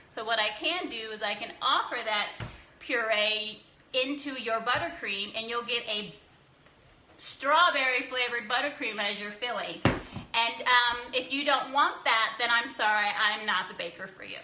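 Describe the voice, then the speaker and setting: A woman's voice: on the high side, a little slow, sharp tone, slight background noise. A young woman cake decorator answering viewers' questions on a casual live stream, blunt and preachy, with some laughs and mild swearing. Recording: echoey room.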